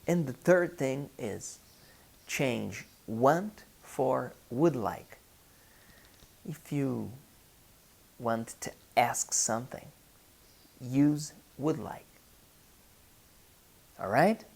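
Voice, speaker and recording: A native Portuguese speaker from Brazil teaches English online, his Brazilian accent clear as he speaks deliberately and repeats key phrases. His medium-pitched voice is expressive, gravelly and darkish.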